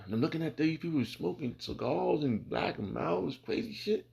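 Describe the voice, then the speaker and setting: A man speaking casually about his faith, rambling and swearing freely, calling listeners "man" and "bro", and slowing down to read scripture. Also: on the high side, animated, creaky, darkish tone. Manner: reads scripture slowly. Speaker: speaker sharing faith testimony. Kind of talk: casual religious talk.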